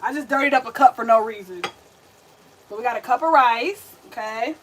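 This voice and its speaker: Cooking on her vegan livestream, a young host keeps up a sassy, chatty stream of talk aimed directly at her viewers. She pitches high, speaks briskly with a slightly bright tone, and there's a bit of background noise.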